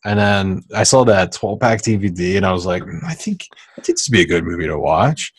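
A man's voice: low voice, fast talker, breathy edge, no room sound. A man co-hosting a podcast, chatting casually and crudely while watching a movie. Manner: laid-back, mumbling, crude jokes. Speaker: podcast co-host. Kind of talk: casual movie commentary chat.

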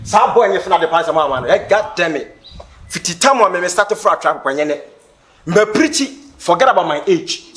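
A man's voice: sits high, fairly bright tone. An actor playing a boastful older man who shows off his money in a comedy film.

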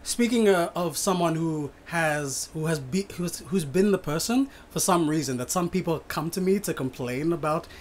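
A chatty woman from Papua New Guinea hosts a relaxed podcast, her accent leaning American. She talks in bursts with restarts and frequent laughter, over a faint hiss of background noise. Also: deep voice, moderate pace, few pauses. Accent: Papua New Guinean with an American-sounding lilt. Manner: animated, laughs often, lots of restarts. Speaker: podcast host. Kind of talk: casual podcast chat.

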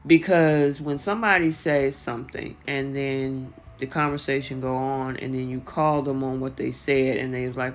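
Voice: medium pitch, faint music behind. A reality TV recap host talking casually and animatedly, often acting out the cast's lines with lots of "you know" fillers. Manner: animated, acts out the cast's lines in quick bursts.

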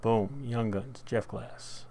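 A man hosting a live card break, reading off card names in short bursts with sudden loud, excited shouts. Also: medium pitch, slow pace, creaky, noisy background.

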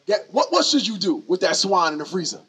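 This man speaks fast in a high-sitting voice as he quizzes a crowd on scripture, using slangy call-and-response. The mic is distant and the crowd around him is lively.

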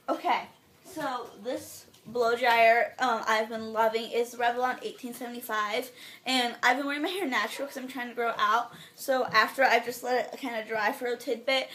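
A teenage girl chatting through her favorite products in a casual vlog, bubbly and gushing, rambling and often trailing off into soft asides. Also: fairly high pitch. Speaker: beauty vlogger.

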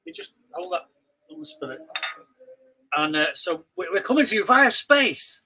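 A man with a Scouse accent, chatting on a live stream as co-host, blunt and animated, telling stories with lots of restarts. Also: high-pitched, normal speed, breathy edge, poor audio. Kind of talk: casual live-stream chat.

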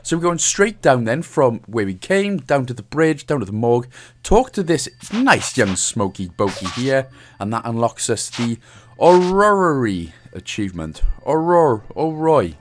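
A man's voice: mid-range voice, sing-song, normal speed, a little hiss or hum. Cheeky Welsh man narrating a game. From Wales. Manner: chatty, cheeky, jokes and laughs often. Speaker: game walkthrough host. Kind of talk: casual gameplay commentary.

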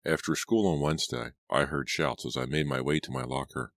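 A man narrating an audiobook in a steady, measured reading style. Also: very deep voice, dry recording, clean studio sound. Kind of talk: scripted storybook narration.

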